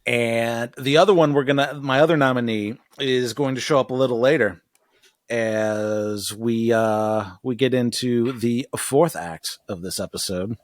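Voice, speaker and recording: A male podcast co-host in easy, joking conversation, his voice sitting at an ordinary middle pitch. The sound is dry and close, with no room echo. He swears casually as he talks. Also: measured pace. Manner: jokey and relaxed, swears casually, slips into mock voices. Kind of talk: casual chat recapping a TV episode.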